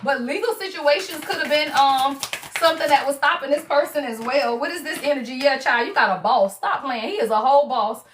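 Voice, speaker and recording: A woman's voice: high voice, fairly quick, reverberant, far from the mic, slight background noise. A woman doing a casual live-streamed tarot reading, slangy and laughing often as she talks to her viewers. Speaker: tarot reader.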